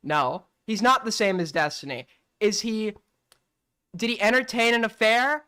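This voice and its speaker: A man's voice: sits high, measured pace, pushed and bright, smooth. A man hosting a livestream call-in show, talking bluntly and profanely and firing off rhetorical questions. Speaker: streamer host taking call-ins. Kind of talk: casual livestream commentary.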